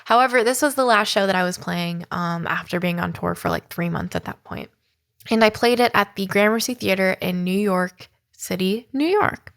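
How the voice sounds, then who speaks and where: A woman's voice: mid-range voice, normal speed, a bit bright. A young woman hosts a podcast in a casual, chatty way, telling a story with animation. She laughs along as she talks. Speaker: podcast host.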